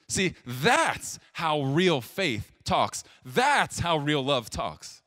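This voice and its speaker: Emphatic preacher man with lively pitch. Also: drawn-out words, few pauses, no room sound, studio quality. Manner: emphatic, swinging from loud stresses to hushed low lines; direct, plain-spoken address to viewers. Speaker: pastor. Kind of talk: sermon.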